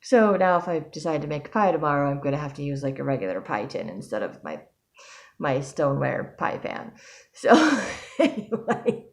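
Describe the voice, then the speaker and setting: A woman's voice: low voice, a little fast, creaky. A young adult woman talking casually in a personal vlog, rambling with frequent ums and restarts. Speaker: vlogger.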